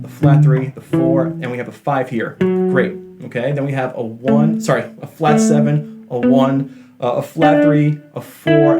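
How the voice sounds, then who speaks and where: A man giving a casual, chatty guitar lesson, joking about himself and apologizing for talking so much. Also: mid-range voice. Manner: chatty, self-deprecating, apologizes for talking a lot. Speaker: guitar teacher.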